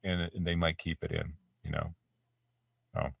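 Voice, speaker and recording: A man's voice: low voice, flat delivery, moderate pace, gravelly, fairly bright tone, no room sound. A Canadian voice actor chatting as an interview guest from his home studio, rambling and self-deprecating, with plenty of restarts. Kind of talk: casual interview chat. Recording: dry, slightly distant mic.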